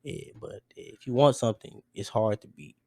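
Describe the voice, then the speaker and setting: Male podcast host, low voice, halting and thoughtful, dry close sound. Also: expressive, creaky, a little mellow, no room sound. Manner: halting, searching for words, many restarts. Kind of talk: casual chat.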